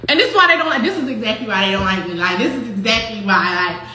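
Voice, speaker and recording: A young woman hosting a show, telling a story in casual, profane, animated talk with frequent laughter. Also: medium pitch, fast. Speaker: host. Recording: very echoey room with faint noise.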